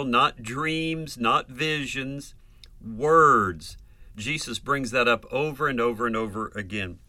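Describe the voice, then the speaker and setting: A man preaching a Bible lesson verse by verse, slow and deliberate, asking rhetorical questions and answering them himself. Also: medium pitch, sharp tone, dry recording.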